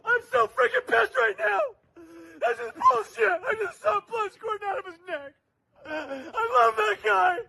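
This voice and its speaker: A man crying and shouting, furious and swearing in an emotional video rant filmed in a car. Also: very high-pitched, measured pace, vocal fry, poor audio. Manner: furious, profane outburst.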